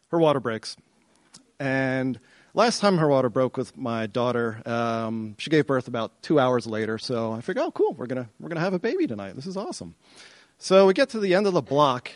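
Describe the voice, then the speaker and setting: A middle-aged man telling a personal story to an audience, animated and excited, often repeating himself as he goes. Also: mid-range voice, no room sound. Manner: animated, excited retelling with self-interruptions and repeats.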